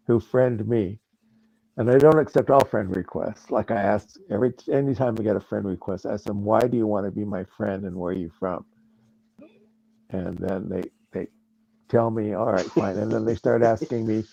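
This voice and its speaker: A man on a panel podcast, talking in a halting way and repeating words as he starts. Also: fairly low pitch, creaky, warm tone, dry recording. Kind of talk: casual panel chat. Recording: dull lo-fi audio.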